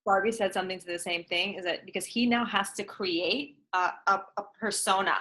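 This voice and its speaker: A woman co-hosting a casual team call, chatty and quick to chime in and tease. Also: mid-range voice, steady tone, bright, forceful tone.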